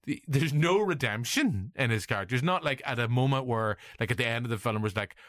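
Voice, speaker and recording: A man's voice: mid-range voice, lively intonation, fast talker, a bit bright, dry recording. A man co-hosting a casual film review chat, enthusiastic and quoting lines from the film in put-on voices. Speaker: podcast co-host.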